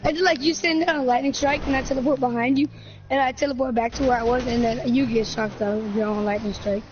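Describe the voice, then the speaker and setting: High-voiced woman narrating a roleplay. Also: fairly even intonation, quick pace. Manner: casual, filler-heavy narration of fight moves. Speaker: roleplay player. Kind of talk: improvised roleplay storytelling. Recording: muffled lo-fi recording with noise.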